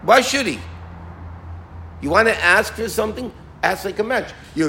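A man giving an informal Torah talk as a rabbi, animated and folksy, sprinkling in Yiddish and Hebrew terms. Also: high-pitched, normal speed, slight background noise.

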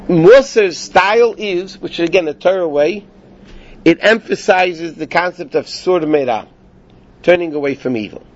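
A man's voice: high-pitched, normal speed, muffled recording. A man teaching an informal Torah class to a small group in the evening. He explains by asking rhetorical questions and often checks in with his listeners.

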